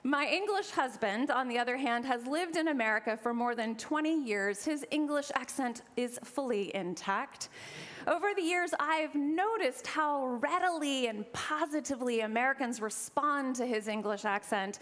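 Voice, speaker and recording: A woman's voice: high voice, a bit bright. A woman from Eastern Kentucky preaching a sermon as minister, conversational and with humorous asides to the congregation.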